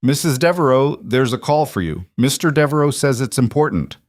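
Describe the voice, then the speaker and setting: A man's voice: medium pitch, expressive, fairly quick, dry recording, studio quality, voice pushed up, close to an everyday voice. A man voicing a reserved female housekeeper, speaking formally and politely.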